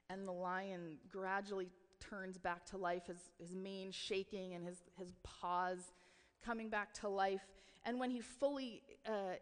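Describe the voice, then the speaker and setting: Reflective woman preaching in a reverberant hall. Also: mid-range voice. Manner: earnest, reflective, with filler words. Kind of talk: sermon.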